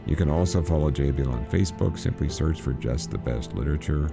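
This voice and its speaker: A man hosting a radio book program, reading passages aloud and explaining them with halting repeats. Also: very deep voice, vocal fry, loud music behind the voice. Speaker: radio show host.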